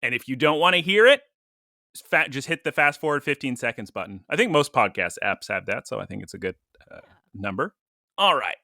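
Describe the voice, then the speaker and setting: Bright-voiced playful male podcast host. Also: medium pitch, very animated, creaky, no room sound, studio quality. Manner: playful, rambling, quick to laugh. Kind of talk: casual chat.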